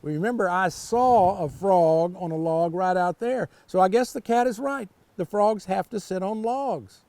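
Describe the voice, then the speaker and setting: A man's voice: high voice, measured pace, a little mellow, no echo. An older man reading a picture book aloud to children at storytime, with folksy, chatty asides to the kids.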